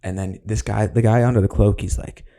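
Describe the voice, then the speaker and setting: Gravelly low-voiced young man, rambling. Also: fairly even intonation, a little fast, warm tone. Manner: rambling storyteller, laughs often. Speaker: podcast co-host. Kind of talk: casual chat.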